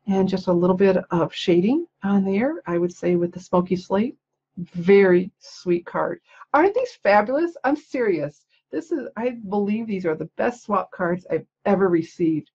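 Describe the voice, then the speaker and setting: A woman's voice: lowish voice, a little mellow, breathy edge, highs cut off. A woman chatting casually on a livestream, showing handmade cards and gushing over them with frequent little laughs. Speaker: stamping demonstrator showing swap cards. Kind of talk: casual livestream show-and-tell.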